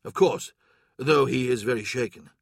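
A man's voice: medium pitch, moderate pace, gravelly, husky, no echo, studio quality. A man voicing a troubled, guilt-ridden young male soldier who speaks in a somber, subdued way.

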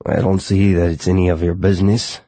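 A man's voice: sits low, level tone, brisk, dark tone, dry recording. A man voicing a weary, drunken male alien doctor who speaks hesitantly and defensively.

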